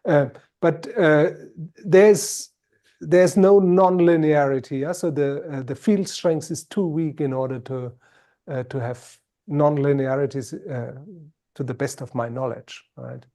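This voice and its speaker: Hesitant German-accented man, mellow voice. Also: fairly high pitch, steady tone, measured pace. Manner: hesitant, many fillers and tag questions. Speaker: invited speaker. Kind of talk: answering questions after a science talk. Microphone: video call.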